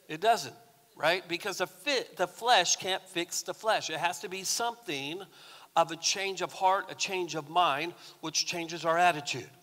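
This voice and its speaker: Male pastor, fairly high voice, folksy story-filled sermon, long church-hall reverb. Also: unhurried, sharp tone. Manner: conversational storytelling with humor. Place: church sanctuary.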